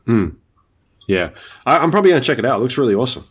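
A man's voice: mid-range voice, sing-song, rapid-fire, breathy edge, dull audio. A man co-hosting a gaming podcast, easygoing and joking as he runs through the news. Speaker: podcast co-host. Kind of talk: casual chat.

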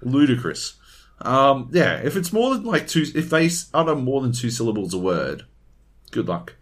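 A man's voice: mid-range voice, moderate pace. A man co-hosting a casual gaming podcast, swearing freely and acting out what others said. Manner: animated, swears freely, acts out quotes. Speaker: podcast co-host.

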